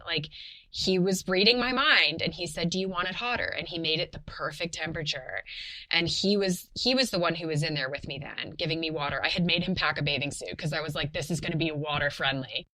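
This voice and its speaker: A young adult woman in a casual podcast interview, telling a personal story in a chatty, animated way with lots of fillers. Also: deep voice, a little hiss or hum, rough recording. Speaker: podcast guest telling her birth story.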